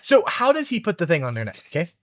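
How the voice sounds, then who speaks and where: A man's voice: high voice, wildly swooping pitch, fast talker, no echo, studio quality. A man in casual review chat, picking apart a TV episode in an incredulous, ranting way. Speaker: podcast co-host.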